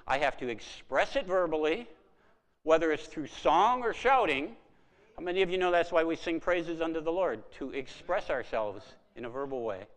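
A middle-aged man preaching a sermon as pastor, animated, swinging from soft asides to loud exclamations. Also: on the high side, moderate pace, in a large hall.

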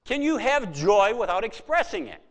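A middle-aged man preaching a sermon as pastor, animated, swinging from soft asides to loud exclamations. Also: high-pitched, normal speed, long reverb tail.

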